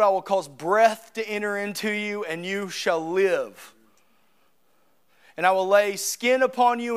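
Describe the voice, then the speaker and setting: A man preaching a sermon, reading scripture and breaking off into casual asides, rising to shouts at its peaks. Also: high-pitched. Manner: preaching with sudden swings from quiet asides to shouting; reads scripture aloud, breaks off with asides and laughs. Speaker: pastor.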